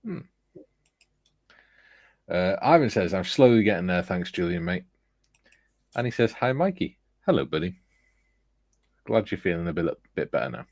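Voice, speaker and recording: A man's voice: sits low, sing-song, moderate pace, pauses often, darkish tone, no echo. A man hosting a casual livestream, reading viewer comments aloud with a chuckle. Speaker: livestream host reading chat. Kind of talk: casual chat.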